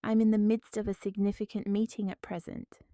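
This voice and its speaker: A woman's voice: mid-range voice, brisk, dry recording, lightly acted. A woman reading a cold, dignified businesswoman. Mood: coldly calm. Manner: calm, cool, authoritative.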